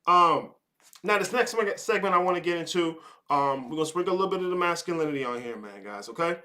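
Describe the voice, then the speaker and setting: A young man hosts a live advice show in a casual, profane monologue. His voice sits high and bright. He is blunt and mocking and keeps slipping into quick impressions of the people he criticizes. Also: expressive. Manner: blunt, swearing, mocking, mimics others in quick asides.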